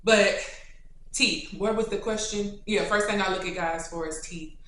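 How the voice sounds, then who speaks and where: A young adult woman vlogger answering questions in a casual, chatty, animated way. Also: mid-range voice, measured pace. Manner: chatty and animated, turning tender and choked up. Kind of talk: casual Q&A chat to camera. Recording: echoey room.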